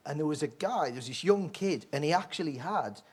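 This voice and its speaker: A man in his forties telling rambling, animated anecdotes as a chat show guest. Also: fairly high pitch, brisk, husky. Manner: rambling, animated storytelling with acted quotes. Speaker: comedian guest.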